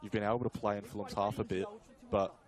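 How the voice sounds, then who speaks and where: A man with a fairly low voice offers colour analysis during a live football match. He talks in a loose, conversational way, stopping to correct himself and filling pauses with "uh.". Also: flat delivery, darkish tone. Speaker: colour commentator.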